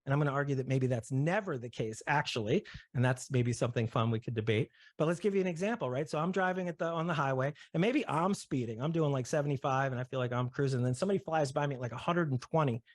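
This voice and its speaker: A man's voice: mid-range voice, fast, dry recording, studio quality. A man presenting ideas to a discussion group, walking through everyday examples and often checking in with "right?" and "okay?". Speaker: session presenter. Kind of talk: explanatory talk to a discussion group.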